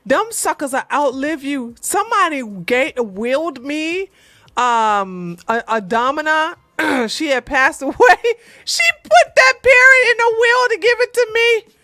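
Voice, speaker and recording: A woman's voice: high-pitched, big pitch swings, a little slow, sharp tone, no echo. A woman hosting a livestream, chatting casually in a rambling way, laughing often and answering viewer comments. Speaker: livestream host.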